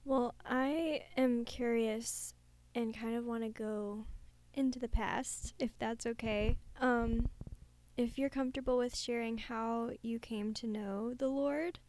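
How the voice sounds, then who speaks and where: A woman hosting an interview, asking her guest questions in a gentle, tentative way. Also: fairly high pitch, fairly even intonation, slow pace, no room sound. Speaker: podcast host.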